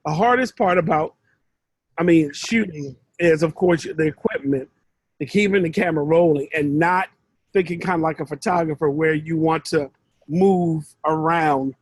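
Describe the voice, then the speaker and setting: A man's voice: on the high side, moderate pace, no room sound, rough recording. A man mentoring one student in a casual, rambling way over a video call, often restarting his sentences. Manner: rambling, conversational, with frequent restarts.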